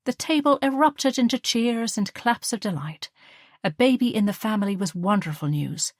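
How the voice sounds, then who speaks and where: A woman reading a historical drama audiobook in measured scripted narration. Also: mid-range voice, expressive, dry recording, studio quality.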